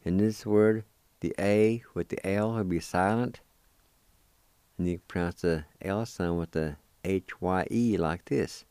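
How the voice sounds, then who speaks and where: Deep slow-spoken male language teacher. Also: darkish tone, clean tone, no echo. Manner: spells and repeats words syllable by syllable. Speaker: radio host teaching language. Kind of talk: slow spelled-out word lesson.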